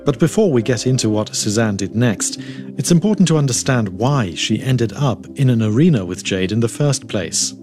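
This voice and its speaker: A man narrates a radio documentary in a measured, scripted way. His voice sits at a middling pitch, with faint music playing under him. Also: expressive, a little mellow. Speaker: radio presenter.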